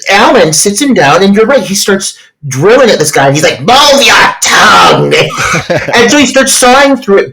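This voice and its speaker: A man co-hosting a casual film podcast, recapping scenes in an excited, emphatic way. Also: sits high, rough recording. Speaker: podcast co-host.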